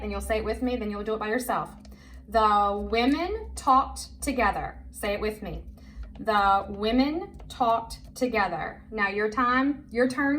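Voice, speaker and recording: A woman's voice: medium pitch, a little hiss or hum. A woman teacher leading a children's reading lesson, patient and encouraging, spelling words out letter by letter.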